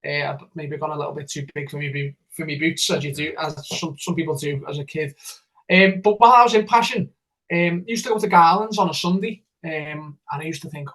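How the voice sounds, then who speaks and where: A man's voice: high voice, fairly quick, a bit bright, poor audio. A man, a DJ, telling his story in a casual podcast interview in an eager, rambling way with many restarts. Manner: rambling, repeats himself, eager. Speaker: DJ and radio presenter.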